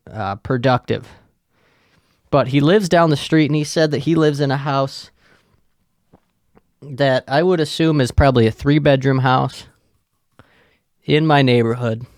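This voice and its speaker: A man's voice: medium pitch, clean tone, no room sound, clean studio sound. A young man, hosting a podcast and rambling through a profane, filler-heavy rant. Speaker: podcast host. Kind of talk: casual solo rant.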